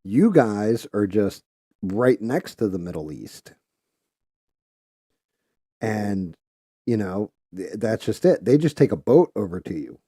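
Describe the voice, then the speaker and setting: A man's voice: on the low side, big pitch swings, slow, pauses often, dark tone, breathy edge, no room sound, clean studio sound. A man hosting a podcast, talking in a casual, profane, heated and blunt way. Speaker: podcast host.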